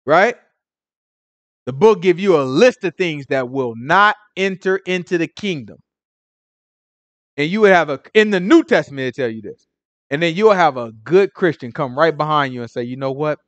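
A man's voice: fairly high pitch, expressive, moderate pace, no echo, muffled recording. Emphatic man preaching in dry sound. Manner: emphatic, conversational, swings from loud to hushed. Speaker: Bible teacher. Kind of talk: informal sermon commentary.

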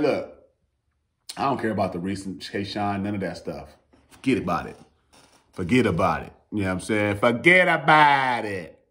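A man giving casual, excitable battle rap commentary, rambling and slangy. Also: on the low side.

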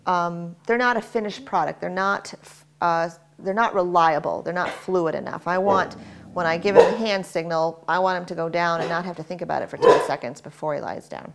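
A middle-aged woman dog trainer explaining basic commands in a relaxed, instructional way while working with a dog. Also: a little fast, gravelly, very noisy. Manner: relaxed explaining, cheerful high praise to the dog. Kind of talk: instructional demonstration.

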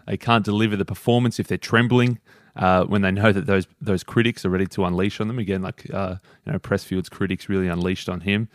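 Man, podcast co-host, easygoing storyteller, lower voice, dry recording. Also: no room sound. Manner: easygoing storyteller, retelling anecdotes. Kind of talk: casual book discussion.

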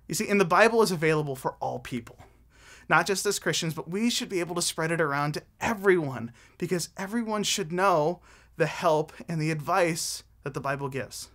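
A man teaching children's church, telling a lively story with a Bible lesson. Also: fairly high pitch, normal speed.

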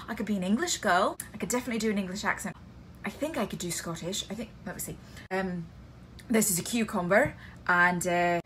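A woman's voice: mid-range voice, animated, fairly quick, a bit bright, slight background noise. A woman in her thirties chatting playfully into a phone camera, half pleading and full of fillers. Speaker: singer. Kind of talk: casual selfie video, singing then chatting.

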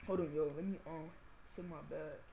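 A male gaming channel host giving casual gameplay commentary and ranting, saying "bro" and "y'all" constantly and swinging from mumbles to shouts. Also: fairly high pitch, fairly even intonation, normal speed, a little hiss or hum. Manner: slangy, fills nearly every phrase with "bro" and "y'all".

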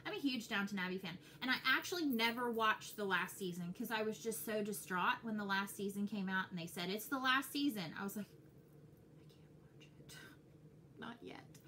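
A young Texan woman talks to her camera in a loose, rambling way, skipping from one thought to the next. Her pitch sits right in the middle of the usual range, and a faint hum of room ambience stays underneath her voice. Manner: chatty, rambling, excitable. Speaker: cross-stitch vlogger. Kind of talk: casual chat to camera.

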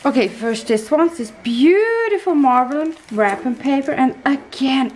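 A young woman with a high voice unpacks craft mail at home in a casual chat. She gushes, gasps and thanks the sender again and again. She talks at an unhurried pace. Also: expressive, background noise. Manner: gushing, gasping, effusive thanks. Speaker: craft vlogger opening mail.

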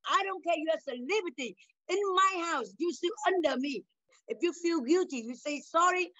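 A woman's voice: sits high, fairly bright tone, dry recording, lo-fi sound. An older woman talking heatedly with her daughter in broken, repetitive non-native English, confronting her. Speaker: mother in a family talk show. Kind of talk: heated family conversation.

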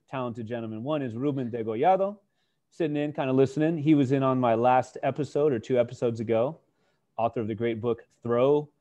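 A podcast host with a warm, mid-range voice opens a casual interview chat by introducing his guest with effusive, enthusiastic praise. The sound is lo-fi.

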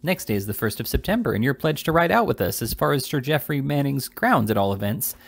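A man's voice: medium pitch, animated, fast, creaky, slightly rough, pitched above the performer's own voice. A man voicing a jovial older country squire who banters heartily.

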